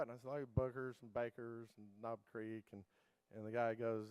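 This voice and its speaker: A man's voice: medium pitch, monotone, a little fast, darkish tone, clean tone, no echo, poor audio. A middle-aged man giving a conference keynote, telling casual, rambling anecdotes full of fillers and restarts. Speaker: keynote speaker.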